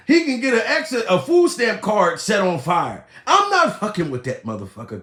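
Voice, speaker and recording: A male comedian rants in a high, wildly swinging voice, profane and laughing, jumping from shouts to muttered asides. The sound is roomy and echoey. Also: huge pitch swings, moderate pace. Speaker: comedian host. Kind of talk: loud comedic rant.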